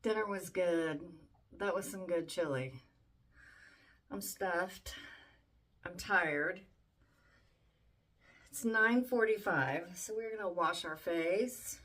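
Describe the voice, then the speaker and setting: A woman's voice: on the low side, slow pace, pauses often, fairly bright tone, rough recording. An older woman chatting casually to her viewers while she cooks at home, tender and emotional. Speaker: vlogger. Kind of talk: casual vlog chat while cooking. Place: home kitchen.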